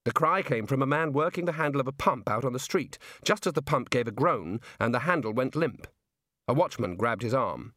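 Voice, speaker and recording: A man reading an audiobook in even, measured scripted narration. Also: mid-range voice, dry recording, studio quality.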